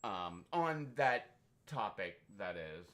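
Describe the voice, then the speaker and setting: A man's voice: lowish voice, takes it slowly. Profane, laughing young man rambling. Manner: profane, laughs often, animated storytelling. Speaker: gaming streamer. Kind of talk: casual rambling chat.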